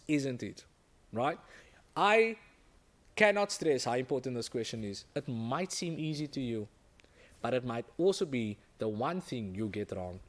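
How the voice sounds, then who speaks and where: A male teacher giving an exam-prep lesson, stressing key points and checking in with the class after every few sentences. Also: fairly high pitch. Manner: emphatic, repeats key points, checks in with "okay?" and "right?".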